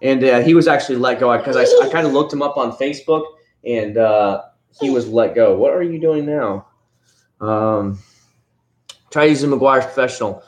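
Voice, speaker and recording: A man hosting a casual late-night livestream, answering viewers in a rambling, plainspoken way with halting restarts. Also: medium pitch. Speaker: livestream host reviewing car-care products. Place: home room with a young child nearby. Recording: echoey room with background noise. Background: noise, a child crying at times.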